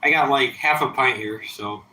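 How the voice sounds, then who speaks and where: A man's voice: mid-range voice, moderate pace, sharp tone, echoey room, low-quality recording. A man in his thirties streaming late at night, drinking and a bit tipsy, talking in a profane, rambling, defiant way. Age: 30s. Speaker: livestreamer. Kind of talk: casual late-night livestream chat.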